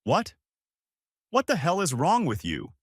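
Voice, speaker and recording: An angry middle-aged father shouts demanding questions, as a narrator puts him on. His voice is pushed up and hard in a dry recording. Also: a little high, very animated, brisk, no room sound, pitched above the performer's own voice. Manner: shouting, indignant.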